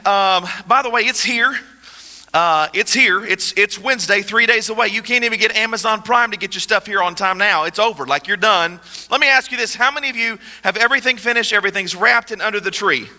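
A man preaching a sermon as pastor, energetic and joking with his congregation. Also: high voice, a little fast. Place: large church hall. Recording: reverberant hall.

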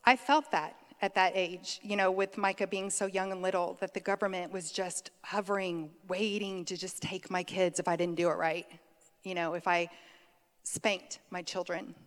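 A woman's voice: fairly low pitch, steady tone, normal speed, a bit bright. Chatty middle-aged woman preaching in a hall. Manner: chatty, laughs easily, goes off on tangents. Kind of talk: conversational sermon. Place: church sanctuary. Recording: long hall reverb.

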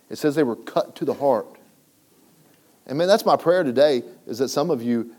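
A pastor with a mid-range, slightly mellow voice preaches a sermon, building emphasis as he goes and checking in with the congregation through frequent "right?" asides.

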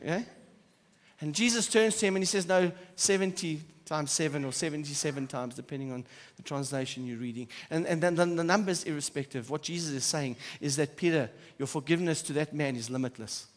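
Pastor preaching in a reverberant hall. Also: male voice, a little high, fairly quick. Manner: animated preaching that swings from loud emphasis to quiet, soft asides. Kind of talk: sermon. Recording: church hall with long reverb.

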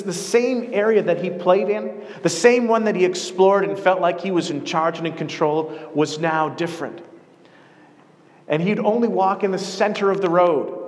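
In what sounds like a big church hall with long, ringing reverb, a male pastor with a rather high voice preaches in storytelling fashion, repeating a key phrase over and over to give it weight.

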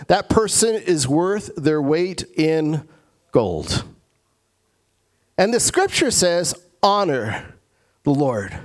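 Emphatic pastor preaching a sermon. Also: male voice, sits high. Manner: emphatic, repeats key phrases and slows for weight.

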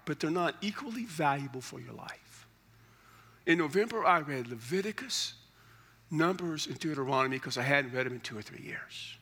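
A man's voice: a little high, lively intonation, a little fast, pushed and bright. A middle-aged male pastor preaching a sermon in a conversational, joking way with emphatic asides.

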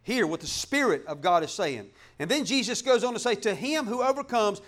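A man pastor preaching a passionate sermon in church, breaking into shouts and laughs. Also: high-pitched, animated, fairly quick.

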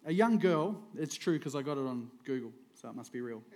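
A man's voice: mid-range voice, lively intonation, brisk, a little mellow. A middle-aged man, preaching a humorous sermon in a jokey, conversational way that often breaks into chuckles. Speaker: pastor.

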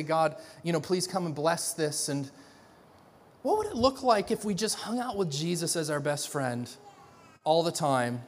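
A middle-aged man preaching a sermon in a conversational, animated way, with frequent restarts and acted-out dialogue. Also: a little high. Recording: long hall reverb.

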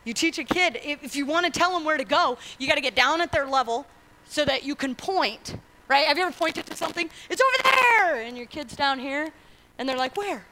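Lively, bright-voiced woman pastor preaching. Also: high voice, brisk, a little hiss or hum, rough recording. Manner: animated, acts out quotes, asks the congregation questions. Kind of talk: sermon.

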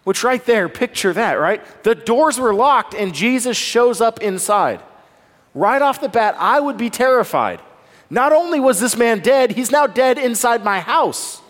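A pastor delivers a sermon slowly, in an earnest, conversational manner peppered with rhetorical questions. His voice is high and fairly bright, with big swings in pitch, and the long reverb of a large hall surrounds every word.

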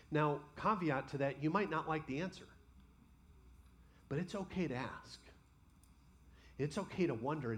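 A male pastor delivers a sermon with a high, ringing voice. He throws himself into imagined prayers with real passion, then settles into quiet, personal asides.

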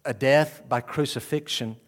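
A male pastor delivers a sermon. His voice sits at an ordinary middle pitch, and it moves from hushed, low stretches into loud, raised cries. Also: fairly even intonation, normal speed. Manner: swings from quiet and low to loud, raised exclamations.

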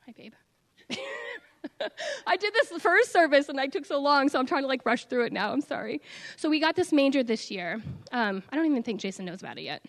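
Middle-aged woman, slightly high voice, earnest church testimony, halting with fillers. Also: sing-song. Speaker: church speaker. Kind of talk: testimony talk to a congregation.

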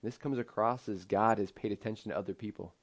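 A man's voice: fairly low pitch, steady tone, quick pace. Man preaching an earnest sermon. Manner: earnest, conversational preaching with restarts. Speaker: pastor.

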